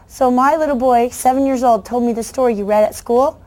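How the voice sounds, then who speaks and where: A middle-aged woman from the United States gives an animated storytelling talk, her voice sitting slightly high. She slips into the voices of children and adults as she goes, keeping the room with her. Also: a little fast. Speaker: children's book author giving a talk. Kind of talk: lively storytelling speech to an audience.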